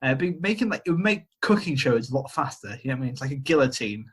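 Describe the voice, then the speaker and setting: A husky, medium-pitched man, very animated and quick, co-hosts a podcast remotely from home. He rambles hesitantly through a myth in casual storytelling chat, joking at his own expense.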